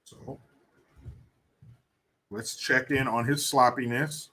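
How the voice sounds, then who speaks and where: A man's voice: medium pitch, fairly even intonation, slow, pushed and bright, slightly rough. A man doing a profane, mocking video commentary, casual and scornful. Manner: casual storytelling with fillers. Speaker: vlogger.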